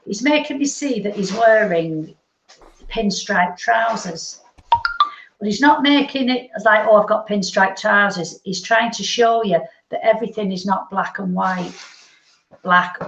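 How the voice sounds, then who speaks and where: A woman medium giving a gentle, unhurried psychic reading, relaying messages. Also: mid-range voice. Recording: lo-fi echoey stream audio.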